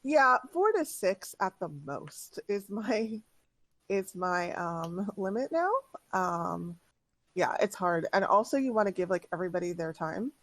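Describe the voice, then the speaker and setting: A woman's voice: medium pitch, animated, measured pace, a bit bright, no echo. A woman who is the game master, chatting casually before a tabletop session in a talkative way with lots of filler words.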